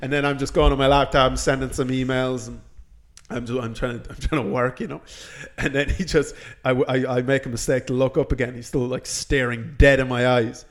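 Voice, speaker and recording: A man's voice: mid-range voice, fairly quick. A man hosting a comedy podcast, telling stories and acting out the people in them. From Ireland. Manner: animated storyteller doing character voices. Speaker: comedian host. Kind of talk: comic storytelling chat.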